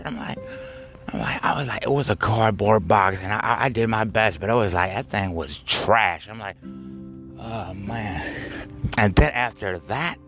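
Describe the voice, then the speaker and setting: Man, very low voice, rambling monologue, stammers and repeats, music playing behind. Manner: halting, stammering, repeats words, heavy fillers; profane, offhand.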